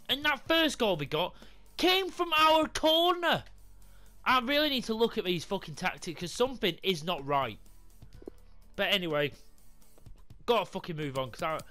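A young man commentates his own football game in a high, lively voice. He swears constantly and shouts in bursts of frustration. Soft music plays underneath. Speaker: gaming YouTuber. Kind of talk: raging gameplay commentary.

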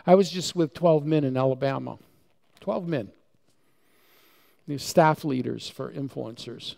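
A man's voice: on the high side, a little slow, creaky, long pauses, mellow. A man pastor preaching a sermon in a church, emphatic and repeating key words for effect. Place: church sanctuary.

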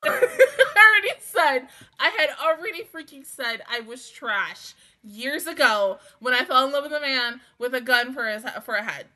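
A woman hosting a casual anime reaction review, excitable and swearing a lot, breaking into laughter often. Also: sits high, normal speed, few pauses.

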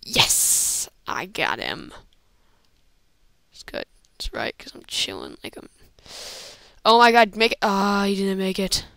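A woman's voice: medium pitch, measured pace, creaky, long pauses, no room sound. A woman commentating her own video game play in a casual, rambling way, often exclaiming, into an old computer microphone. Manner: excitable, rambling, frequent exclamations and laughs.

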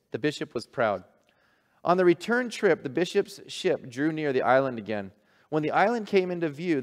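A male pastor giving a conversational, folksy sermon in a church hall, reading a story and leading prayer. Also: fairly high pitch. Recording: long hall reverb.

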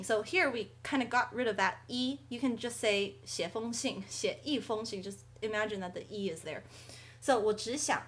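A woman hosting a language lesson, explaining words casually with friendly asides. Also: medium pitch. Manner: chatty, friendly asides, occasional light laughs. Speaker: language teacher and show host. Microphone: studio microphone.

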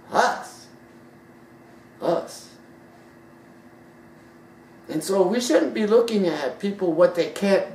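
A woman preaching a sermon emphatically, swinging from loud high peaks down to hushed drops. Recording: roomy sound from a distant mic.

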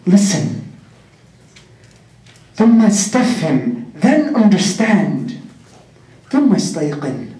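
A man's voice: sits high, mellow, recorded from a distance. A man tells a religious story to a community, earnestly asking his listeners rhetorical questions. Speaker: community speaker. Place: large prayer hall. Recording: echoey hall, mic set back.

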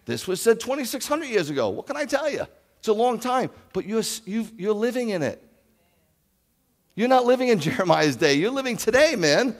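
Animated man preaching in an echoing hall. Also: high-pitched, brisk. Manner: animated, rhetorical questions, loud scripture reading. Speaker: rabbi. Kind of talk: sermon. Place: congregation sanctuary.

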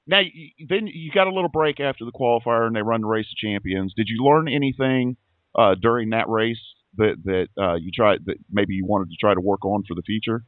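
A man hosts a casual racing interview in a lowish voice, chatty and folksy, often repeating his words. The sound is thin and phone-like, with dry, close audio. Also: fairly quick, dry recording. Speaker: racing show host. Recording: tinny phone-like line.

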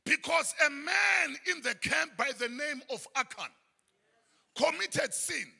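A middle-aged South African man preaching a sermon, often breaking into shouted high bursts. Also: expressive, takes it slowly, creaky. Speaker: pastor. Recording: long church hall reverb.

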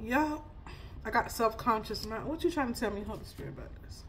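A woman's voice: fairly high pitch, lively intonation, a little fast, fairly bright tone, a little hiss or hum. A woman, giving a chatty spiritual reading full of laughs and sassy asides. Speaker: spiritual reader. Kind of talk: casual spiritual reading vlog.

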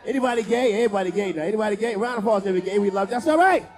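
High-voiced crude male comic. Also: fairly even intonation, racing, faint music behind. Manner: crude, loud, teasing the audience. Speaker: stand-up comedian. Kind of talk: stand-up with crowd work. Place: live comedy club. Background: audience.

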